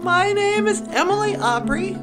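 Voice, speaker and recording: A woman's voice: extremely high pitch, lively intonation, normal speed, loud music behind the voice. A woman podcast co-host telling a fairy tale in a playful, rambling, casual way. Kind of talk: casual storytelling.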